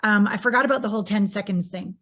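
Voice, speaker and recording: A woman's voice: medium pitch, fast talker. A woman hosting a podcast in casual conversation, talking reflectively and humming "mm" in agreement. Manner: reflective, lots of soft "mm" agreement. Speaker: podcast host.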